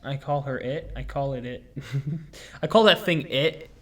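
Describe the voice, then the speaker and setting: A man's voice: mid-range voice, unhurried, fairly bright tone. A young man hosting a podcast, telling rambling, jokey stories in casual chat with lots of fillers. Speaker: podcast host.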